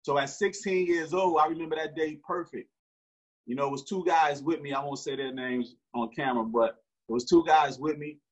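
A man's voice: fairly high pitch, fairly quick, slightly rough. A man, telling a story in slangy street talk with frequent restarts. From Newark, New Jersey. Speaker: interview guest. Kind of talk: casual storytelling. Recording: dull lo-fi recording.

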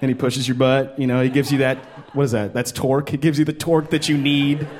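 A man in his thirties doing stand-up comedy, animated and profane, slipping into exaggerated voices. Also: mid-range voice, brisk, a little hiss or hum. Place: live comedy stage.

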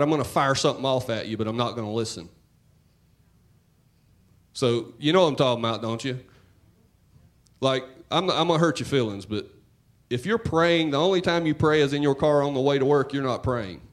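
A man preaching a sermon in church, talking to the congregation in a conversational, joking way and swinging between loud and hushed. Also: on the high side. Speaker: pastor.

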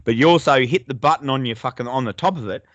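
A man's voice: mid-range voice, fast talker, fairly bright tone, highs cut off. A young adult man with an Australian accent, telling stories in a laid-back, sweary way as a podcast co-host. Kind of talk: casual chat.

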